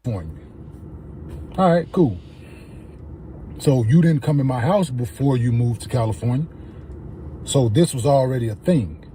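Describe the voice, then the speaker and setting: A man, a podcast co-host, speaking calmly and deliberately and repeating phrases to make his point. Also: mid-range voice, slight background noise. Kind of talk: calm, measured on-camera statement.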